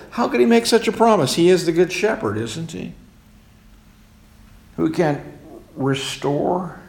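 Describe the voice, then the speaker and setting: A man's voice: high voice, vocal fry. A man preaching a sermon in an earnest way, asking rhetorical questions as he goes. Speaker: pastor.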